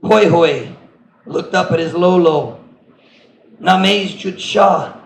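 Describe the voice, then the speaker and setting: Playful pastor guy telling kids a story, slow, gravelly, roomy echo with faint background noise. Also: high-pitched. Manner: playful storyteller, switches between English and Cebuano. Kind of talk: children's story sermon. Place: church hall.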